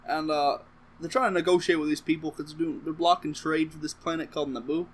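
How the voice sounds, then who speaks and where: A slightly higher-pitched man talks straight to the camera, recapping a film in an offhand, rambling way. He swears freely and keeps breaking off into side comments. A faint hum of room ambience sits behind him. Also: animated, fast, gravelly, rough recording. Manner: profane, offhand and rambling, with self-interrupting asides. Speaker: comedic vlogger. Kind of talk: casual rambling movie recap.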